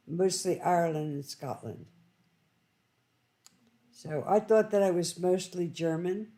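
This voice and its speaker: A woman co-hosting a casual livestream chat, halting and hesitant, reading out viewer names. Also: lowish voice. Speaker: co-host.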